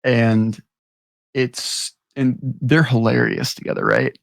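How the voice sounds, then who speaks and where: A man's voice: medium pitch, huge pitch swings, slow, gravelly, dry recording. A young man co-hosting a podcast, telling crude stories in a rambling, laughing way. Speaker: podcast co-host. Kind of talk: casual chat.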